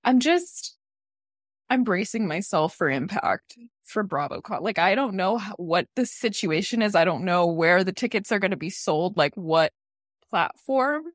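A woman's voice: mid-range voice, animated, measured pace, dry recording. Giggly woman podcast cohost, says like a lot, dry mic. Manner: giggly, rambling with many "like"s. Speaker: podcast co-host. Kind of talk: casual chat.

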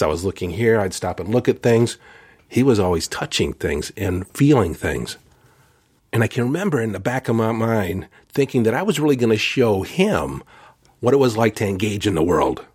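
A man casually telling a personal story in a candid, self-deprecating way, with fillers and quick asides. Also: on the low side, lively intonation, a little mellow, breathy edge, no echo, studio quality. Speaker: host recounting a personal lesson.

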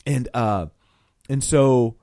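A man co-hosting a podcast, chatting casually about a film with wry, deadpan jokes. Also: mid-range voice, slow, dry recording, studio quality. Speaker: podcast co-host.

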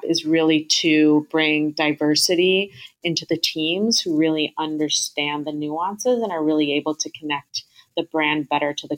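A woman being interviewed as a chief marketing officer, talking in an upbeat, thoughtful way with frequent fillers and restarts. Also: sits low. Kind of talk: business interview.

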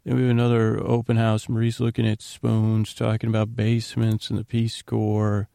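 A man's voice: on the low side, monotone, moderate pace, creaky, dark tone, no room sound, clean studio sound. A man rambling casually as a podcast host, recapping a TV episode with restarts and offhand quotes.

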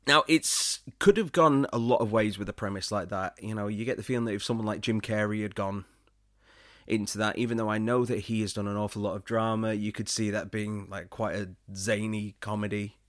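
A British man with a low voice chats casually as a film podcast co-host. He talks in a relaxed, conversational way and lights up easily. The sound is dry, close and free of room echo. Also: fairly quick. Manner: chatty, laughing, animated when excited.

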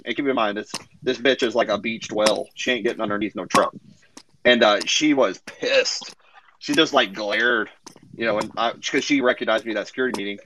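A man's voice: fairly low pitch, fairly even intonation, fairly quick, pushed and bright, slight background noise, rough recording. Profane, mocking man telling a story. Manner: acts out other people's lines in the story. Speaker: guest in an online audio chat. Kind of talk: casual storytelling rant.

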